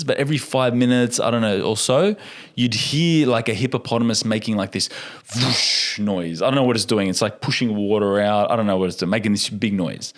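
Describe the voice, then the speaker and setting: A young man, a podcast guest, telling a story in a casual and animated way, laughing often and acting out what people said. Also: lowish voice.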